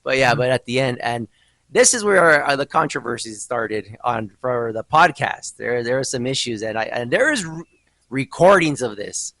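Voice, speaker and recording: A man hosting a casual podcast, his voice bright and a touch high. He swings widely in pitch as he spins a story with theatrical mock outrage, and the sound is close and dry. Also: lively intonation, normal speed, vocal fry, dry recording, poor audio. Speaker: podcast host.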